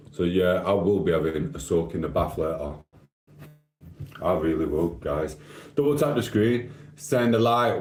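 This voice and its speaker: A man's voice: low voice, a little mellow, roomy sound, a little hiss or hum. A man from Sheffield with a Sheffield accent, live-streaming in casual chat, reading out viewer comments and answering them in a cheeky, rambling way. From Sheffield, England. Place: home living room.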